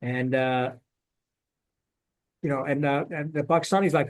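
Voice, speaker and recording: A man's voice: fairly high pitch, normal speed, long pauses. A man, a former Marine officer, telling war stories in a casual interview with blunt, salty language. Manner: blunt, salty, animated storytelling.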